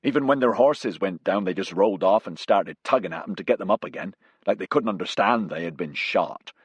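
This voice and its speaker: A man's voice: low-pitched, animated, a little fast, husky, no echo. A man voicing a plain-spoken British corporal with a West Country accent. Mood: matter-of-fact. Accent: West Country English.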